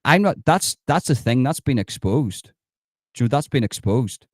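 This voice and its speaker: A man's voice: mid-range voice, lively intonation, a little slow, no room sound, clean studio sound. An Irish man hosting a livestream, talking emphatically to his viewers and reading out the chat, with plenty of repetition. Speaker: livestream host.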